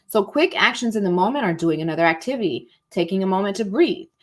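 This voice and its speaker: A woman's voice: mid-range voice, lively intonation, quick pace. Woman, casual life-coach teacher; encouraging, chatty, calls listeners y'all. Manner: acts out inner thoughts in quoted asides.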